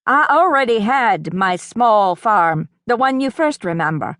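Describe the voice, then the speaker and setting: A woman reading an audiobook, voicing a kindly, gentle uncle who is a big farmer, in an earnest, reassuring way. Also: mid-range voice, lively intonation, measured pace, no room sound, studio quality.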